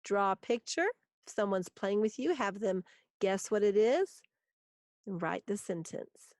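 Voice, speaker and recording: A woman teaches a recorded grammar lesson at an unhurried, deliberate pace. She walks through each rule step by step with patience, her voice sitting in the middle of the range. The sound is dry and close, with no room around it. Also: mid-range voice, animated, darkish tone, no room sound.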